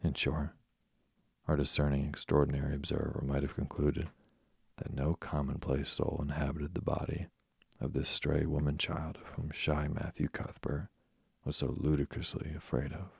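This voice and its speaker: Very deep gravelly male narrator. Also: level tone, normal speed, darkish tone, dry recording, clean studio sound. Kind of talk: audiobook reading of a novel.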